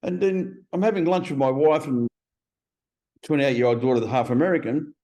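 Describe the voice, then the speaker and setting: A man in his fifties, a podcast guest telling stories in a blunt, profane, animated way. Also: mid-range voice, fairly quick. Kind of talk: casual interview storytelling.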